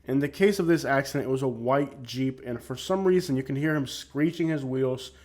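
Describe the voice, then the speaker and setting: A man's voice: medium pitch, a little fast, darkish tone. A man narrating his own vlog over driving footage in a casual, rambling, opinionated way, often restarting his sentences. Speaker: vlogger.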